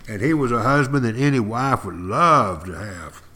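A man's voice: medium pitch, lively intonation, normal speed, sharp tone. Folksy man lecturing like a storyteller. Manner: folksy, dramatic, addresses listeners directly. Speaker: podcast history lecturer.

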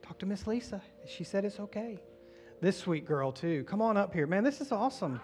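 A man's voice: sits high, lively intonation, brisk, soft background music. A man pastor leading a baptism service, chatty and encouraging with the people coming forward. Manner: warm, encouraging, chatty asides.

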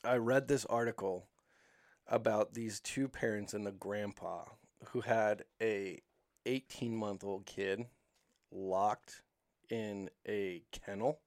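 A man's voice: on the low side, steady tone, takes it slowly, no echo, clean studio sound. A man in casual chat with friends, telling animal stories in a rambling, profane way with lots of filler words.

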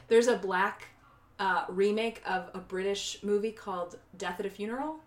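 A blunt, sarcastic woman co-hosts a casual podcast chat, her pitch sitting mid-range for a woman. Her words often sink into low mumbles. The room around her sounds roomy and echoey. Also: normal speed. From Chicago. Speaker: podcast co-host.

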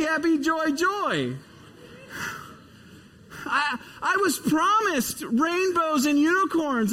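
A man preaching a sermon, telling a story with animated, emphatic repetition before leading a prayer. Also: extremely high pitch, in a large hall. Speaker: pastor.

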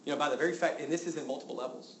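A man preaching a sermon as a pastor, getting loud and exclaiming when indignant. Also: racing. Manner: animated, exclaiming with rising pitch when indignant. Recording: roomy with faint background noise.

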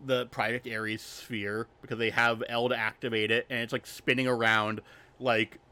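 A male podcast host recaps a film in loose, rambling chat. He piles up "like"s and throwaway jokes at a mid-range pitch. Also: flat delivery, moderate pace, sharp tone. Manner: rambling, filler-heavy, joking recap. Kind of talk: casual chat.

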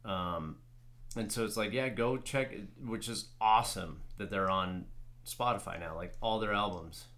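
A man's voice: on the low side, moderate pace, a bit bright. A man hosting a podcast, chatting casually in a rambling, filler-heavy way and swearing now and then. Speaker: podcast host. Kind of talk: casual chat.

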